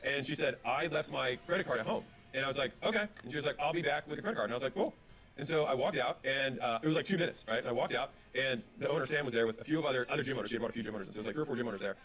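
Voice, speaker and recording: A man speaking on business and sales, telling stories with quoted back-and-forth dialogue, then giving advice. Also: medium pitch. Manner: rapid, animated retelling with quoted dialogue. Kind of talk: storytelling advice talk.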